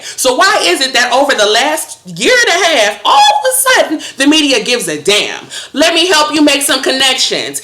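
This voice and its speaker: A woman's voice: fairly high pitch, bright, forceful tone, reverberant. A woman delivering a heated, profane, scolding monologue with a sarcastic edge. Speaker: commentator.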